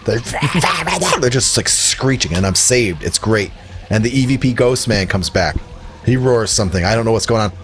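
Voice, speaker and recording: A man's voice: lowish voice, a little fast, heavy background noise. Rambling, jokey male podcast host. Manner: rambling, jokey and animated, laughing at his own lines. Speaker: podcast co-host reviewing records. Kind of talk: casual chat.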